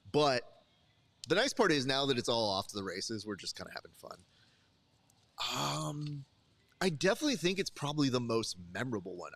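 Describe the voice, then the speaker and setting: A man's voice: medium pitch, fairly bright tone, no echo. Rambling, joking male stream host with a dry, close sound. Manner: rambling, joking, talks straight to the chat. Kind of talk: casual live-stream chat to viewers. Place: desk at a live event broadcast.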